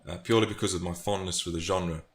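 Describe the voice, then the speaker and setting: Deep-voiced British man discussing books. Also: fairly even intonation, quick pace. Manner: thoughtful, with restarts. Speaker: book vlogger. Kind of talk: casual book commentary. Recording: echoey room, faint noise.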